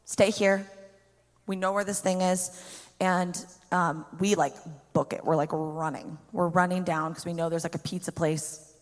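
A woman pastor telling a personal faith story in an animated way, with lots of "like" fillers. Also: lowish voice, moderate pace, in a large hall. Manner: animated storyteller, heavy use of "like".

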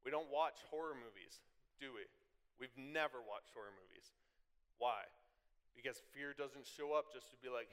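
A man delivers a sermon in a loose, conversational voice that drifts into side tangents. His voice is smooth and resonant, with a long reverb trailing behind it in a large hall. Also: medium pitch, normal speed, a bit bright. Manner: conversational, goes off on side tangents with laughing asides. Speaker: preacher.

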